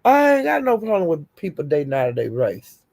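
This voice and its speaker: A woman's voice: low voice, very animated, fairly quick, gravelly, a little mellow, no room sound. A middle-aged woman hosting a livestream, delivering a heated, profane and emphatic scolding rant. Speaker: livestream host.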